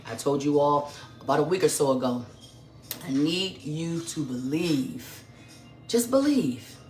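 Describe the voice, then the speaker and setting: Effusive home-kitchen cooking host chatting to a live audience, even mid-range voice, roomy echo, faint music behind. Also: mid-range voice. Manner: effusive, chatty, addresses viewers as y'all, talks with mouth full. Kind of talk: casual live-stream chat while tasting food.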